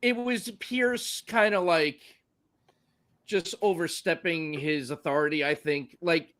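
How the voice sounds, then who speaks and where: A man's voice: fairly high pitch, slow pace, a bit bright. A man co-hosting a wrestling podcast, recapping matches in a rambling, profane way with plenty of fillers. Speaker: podcast co-host. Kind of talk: casual wrestling chat.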